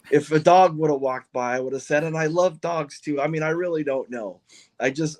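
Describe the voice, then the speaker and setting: Man, race team owner, eager storyteller, rambling and animated, mid pitch. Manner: excited, rambling, full of restarts. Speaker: funny car team owner and driver. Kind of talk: podcast interview, casual storytelling.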